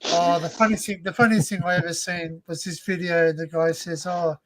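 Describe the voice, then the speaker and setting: A man's voice: a little high, fairly even intonation, normal speed, a bit bright. Rambling Australian man telling jokes. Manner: rambling joke-teller, repeats himself. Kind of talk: casual crude banter.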